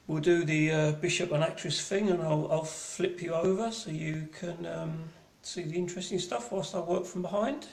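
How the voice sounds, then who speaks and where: Gravelly Cockney man, rambling chat. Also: fairly high pitch, reverberant. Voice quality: broad, swearing, chatty. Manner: rambling with many ums and restarts. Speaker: host of an online gallery private view. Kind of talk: casual live-streamed gallery talk.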